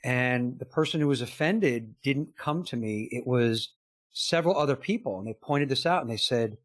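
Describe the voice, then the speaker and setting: A middle-aged man speaks as a business coach being interviewed, earnest and conversational, acting out quoted lines as he tells his stories. His voice sits in an ordinary middle pitch. The sound is dry, with no room echo. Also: expressive, moderate pace. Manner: earnest, storytelling with quoted dialogue and frequent "you know".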